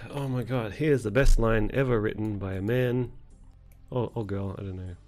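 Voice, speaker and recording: A man's voice: fairly low pitch, steady tone, moderate pace, a little mellow, soft background music. A male streamer chatting casually in a rambling, amused, sarcastic way. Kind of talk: casual chat while streaming.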